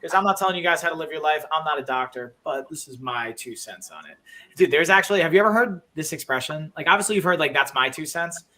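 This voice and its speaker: A man's voice: fairly high pitch, fast, bright, forceful tone. A man co-hosting a live stream, chatting casually and answering viewers. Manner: chatty, says dude and like.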